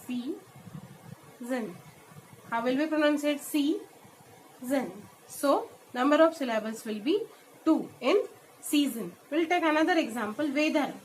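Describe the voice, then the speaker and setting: A woman teacher with an Indian English accent, giving a classroom lesson in English and Hindi, explaining step by step and repeating each example word slowly. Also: sits high, lively intonation, slight background noise, rough recording. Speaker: school teacher. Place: school.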